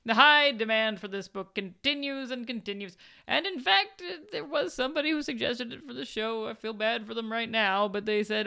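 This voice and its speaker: Sarcastic lady podcast host, smooth clear voice, dry jokes. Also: on the high side, expressive, fairly quick, sharp tone. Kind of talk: casual book review chat.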